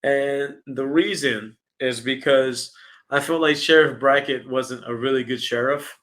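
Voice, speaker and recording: A man co-hosting a podcast, chatting casually and laid-back, chiming in with quick agreement. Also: mid-range voice, a bit bright. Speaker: podcast co-host. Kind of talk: casual chat.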